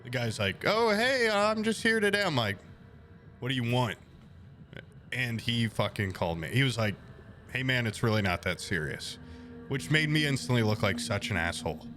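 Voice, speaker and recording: A man's voice: lowish voice, normal speed, pauses often. A young man streaming, telling a rambling, profane anecdote to his chat and acting out the people in it. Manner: animated, profane, rambling anecdote with quoted voices. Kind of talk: casual storytelling to chat.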